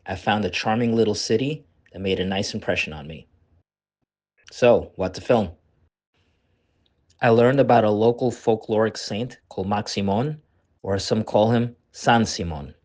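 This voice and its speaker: Easygoing male travel vlogger. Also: fairly low pitch. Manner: chatty and easygoing, with small laughs. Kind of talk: casual travel vlogging with voice-over narration.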